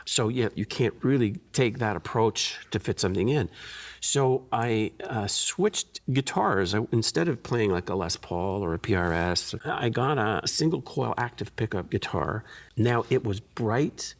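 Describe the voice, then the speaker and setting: A man, a guitarist being interviewed, who talks in a relaxed, thoughtful way and often repeats and restarts his words. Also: on the low side, measured pace.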